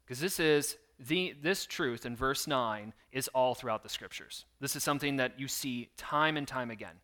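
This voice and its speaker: A man's voice: mid-range voice, bright, forceful tone. A man preaching a sermon, reading scripture and explaining it in an earnest, conversational way. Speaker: pastor.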